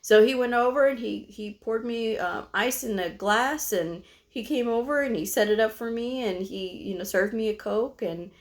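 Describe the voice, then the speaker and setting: A woman's voice: a little high, normal speed, few pauses. A middle-aged woman from Texas who vlogs about medical coding, telling a personal story to camera in a chatty way, full of "you know" and small fillers. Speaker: medical coder vlogger.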